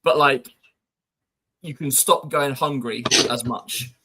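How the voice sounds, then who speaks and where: A man's voice: medium pitch, takes it slowly, crowd noise. A man co-hosting a podcast, chatting casually and rambling with lots of "you know". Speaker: podcast co-host.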